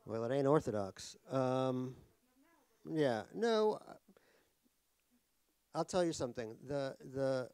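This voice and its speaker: A middle-aged man from New York speaks slowly and expressively at medium pitch, leaving long pauses; his tone is darkish and smooth, with no echo. He's an author guest in a stage conversation at a cultural center's live talk, telling comic stories about himself, wry and self-deprecating, laughing at his own jokes as he rambles through fillers and restarts.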